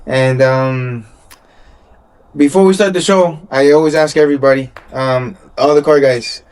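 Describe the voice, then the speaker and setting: A man's voice: mid-range voice, unhurried, darkish tone, smooth. A man hosting a casual podcast in a car garage, laid-back and calling everyone "bro". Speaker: podcast host. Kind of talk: casual chat.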